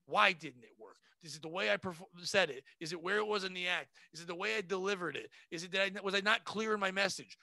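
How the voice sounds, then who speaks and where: A man with a notably high, bright, sharp-edged voice, talking shop as a comedian. He is blunt and profane and acts out the people in his stories, and the recording is close and dry with no room sound. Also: fast talker, vocal fry, hardly any pauses, dry recording. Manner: blunt, profane, animated storytelling. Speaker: comedian guest. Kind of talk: casual podcast chat.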